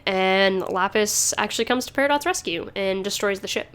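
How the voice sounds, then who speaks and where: In a relaxed podcast chat, this woman host talks briskly in a typical female middle range, her tone fairly bright and smooth. She wanders as she goes, leaning on fillers, restarting, and laughing often.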